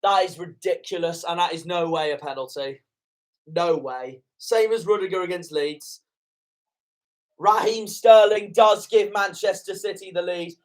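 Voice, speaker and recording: Speaking a little slowly in a high voice, a young fan commentator gives live reactions to a football match. He frequently turns indignant, cursing at the referee's decisions.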